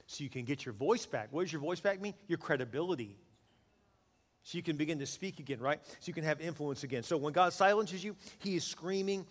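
Man preaching, high voice, lively, joking asides, long church reverb. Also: moderate pace. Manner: lively, joking asides, builds to loud peaks. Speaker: pastor. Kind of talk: sermon.

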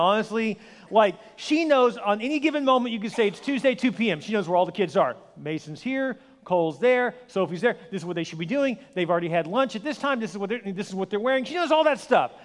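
In a church full of echo, with long hall reverb on the recording, a pastor in his forties preaches a humorous sermon. His voice is high and fast, and he tells stories with energy, acting out voices and poking fun at himself.

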